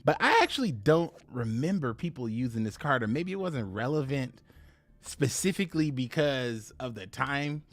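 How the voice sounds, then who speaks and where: A man's voice: medium pitch, lively intonation, normal speed, no room sound. A man commentating live on his own card game play, chatty and laughing, talking to his viewers. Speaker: game streamer.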